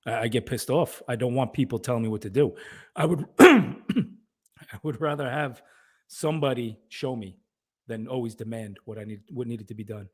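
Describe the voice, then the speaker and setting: A man's voice: mid-range voice, normal speed, slightly rough. Emphatic male podcast co-host. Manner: emphatic, profane, keeps asking "right?". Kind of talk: casual podcast chat.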